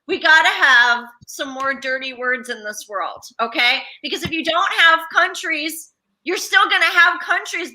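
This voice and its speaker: A woman's voice: high-pitched, sharp tone, rough recording. A woman comedian giving a brash, crude mock-debate rant.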